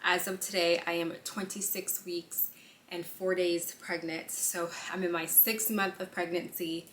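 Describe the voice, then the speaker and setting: Chatty young woman, bright voice. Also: on the low side, flat delivery, a little hiss or hum. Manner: chatty, filler-heavy, quick asides. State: slightly out of breath. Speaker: vlogger. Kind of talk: casual pregnancy update vlog. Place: indoors on a lunch break.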